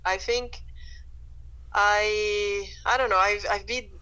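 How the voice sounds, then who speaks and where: A woman's voice: medium pitch, fairly even intonation, slow pace, bright, forceful tone, poor audio. Hesitant woman. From Brazil. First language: Portuguese. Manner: hesitant, laughs often, many fillers. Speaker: guest. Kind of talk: casual conversation.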